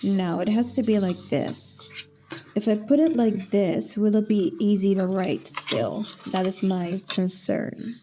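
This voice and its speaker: A young woman vlogging casually as she sets up a planner, chatty and playful, thinking out loud and exclaiming over small things. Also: medium pitch, slow, faint music behind. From Netherlands. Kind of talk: casual planner setup vlog.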